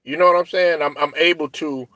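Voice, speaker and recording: Animated, profane man in sports talk. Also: a little high, a little fast, dry recording. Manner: animated, profane, full of fillers and restarts; acts out other people's lines. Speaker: sports show co-host.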